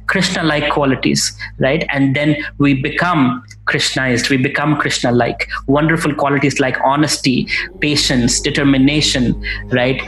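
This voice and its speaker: Halting man giving a spiritual talk. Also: fairly high pitch, fairly bright tone, roomy sound, poor audio. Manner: halting, many fillers and restarts. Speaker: spiritual teacher.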